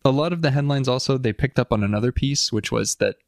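A man co-hosting a casual podcast, reading quotes aloud and chatting with dry, deadpan humor. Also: medium pitch, fast, vocal fry, no room sound. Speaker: podcast co-host.

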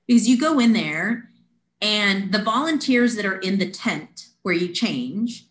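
A woman on a podcast telling a lively personal story in casual chat, acting out the people in it. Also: mid-range voice, measured pace. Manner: animated, acts out quoted voices. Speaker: podcast guest. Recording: roomy echo.

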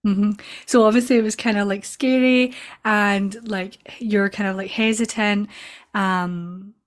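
A woman's voice: medium pitch, fairly even intonation, measured pace. A woman podcast host and business coach, asking reflective, winding questions full of "like" fillers. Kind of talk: conversational interview questions.

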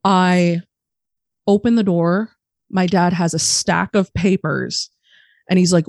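A young adult woman on a podcast, candidly telling a personal story in a profane, animated way and acting out the voices of the people in it. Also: lowish voice, normal speed, no room sound, studio quality. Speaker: podcast guest.

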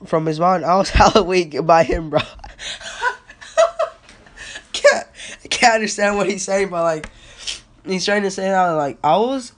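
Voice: medium pitch, unhurried, long pauses. A young podcast host rants in a loose, rambling way, swearing freely and getting worked up while retelling stories. The voice is recorded on a phone with no proper microphone. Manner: excitable, profane, storytelling with quotes. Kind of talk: rambling casual rant. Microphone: phone without a mic.

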